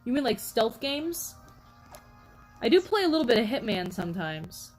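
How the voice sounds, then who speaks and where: A woman's voice: a little high, very animated, moderate pace, soft background music, rough recording. A woman streamer chatting casually with her viewers, laughing often and answering chat.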